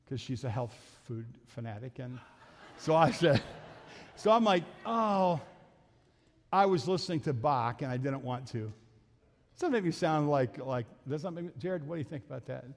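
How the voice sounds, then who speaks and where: Folksy middle-aged pastor in a reverberant hall. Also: male voice, medium pitch, expressive, normal speed, slight background noise. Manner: folksy, acts out family voices in his story. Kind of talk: storytelling sermon. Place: church sanctuary. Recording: reverberant church hall with faint music.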